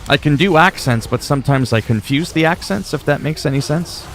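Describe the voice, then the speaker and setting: A man's voice: on the high side, lively intonation, fairly quick, a bit bright, a little hiss or hum. Chatty Canadian man streaming games. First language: French. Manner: rambling, chatty, talks to viewers. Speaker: game streamer. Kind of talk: casual livestream chat while gaming.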